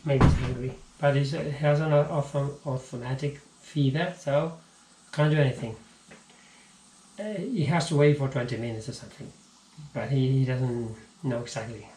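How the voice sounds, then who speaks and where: A man teaching a casual physics lesson, halting and repeating words as he explains, recorded on an action camera at home. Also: mid-range voice, steady tone, dark tone. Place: home room. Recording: echoey room with faint ambience.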